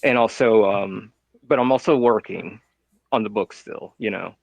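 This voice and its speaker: Low gravelly guy, guest on a chat, loose and laughy, dry sound. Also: moderate pace, no echo, rough recording. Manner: loose, laughing, slangy, hesitant. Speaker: guest comic artist. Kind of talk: casual interview chat.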